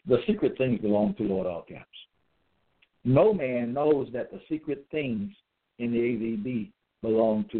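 A man delivering a slow religious monologue in an emphatic, repetitive way, spelling out letters and restarting his sentences with frequent hesitations. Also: lowish voice, husky. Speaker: self-styled religious teacher. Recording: tinny phone-like sound.

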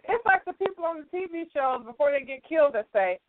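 Woman radio advice host, high voice, emphatic and lecturing, heard over a thin phone-like line. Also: expressive, fast talker, no echo. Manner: emphatic, lecturing with repeated "right".

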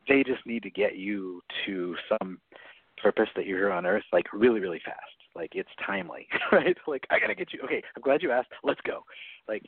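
A man appears as a guest author on a radio interview, heard over a tinny phone line with no echo. His lowish, husky voice explains things chattily, with frequent laughs and many "right?" check-ins.

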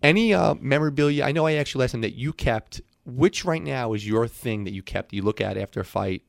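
Quick-talking guy host, teasing his guest, dry close mic. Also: mid-range voice, lively intonation, gravelly, no room sound. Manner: teasing, quick follow-up questions. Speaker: podcast host. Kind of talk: casual interview.

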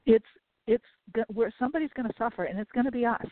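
A woman's voice: fairly high pitch, fast, no room sound. A woman hosting her own podcast, talking in a chatty, tongue-in-cheek way and stacking repeated words for emphasis. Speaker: podcast host and business coach. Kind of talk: solo podcast monologue. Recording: tinny phone-like sound, dry.

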